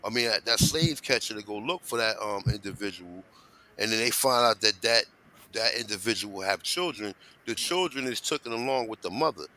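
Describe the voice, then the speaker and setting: A man's voice: lowish voice, lively intonation, a little fast, bright, forceful tone, poor audio. A man with a New Jersey accent, talking casually and streetwise on a livestream, often asking "you know what I'm saying".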